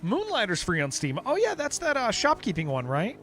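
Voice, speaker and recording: A man streams a game, chatting casually in a high-pitched, fairly bright voice with huge swings in pitch and a slightly quick pace. He rambles, keeps restarting his sentences, and says "dude" a lot, over a faint hiss or hum.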